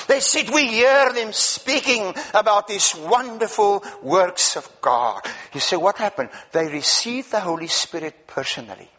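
High-voiced emphatic preacher man. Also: sharp tone. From Africa. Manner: emphatic, repeats words, asks the congregation questions. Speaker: guest preacher. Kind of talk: sermon.

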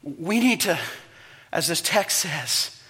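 A man preaching a sermon as pastor, telling stories dramatically and swinging from hushed to loud and impassioned. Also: on the high side, expressive, takes it slowly, big-room sound. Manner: impassioned, dramatic storytelling with wide swings in loudness.

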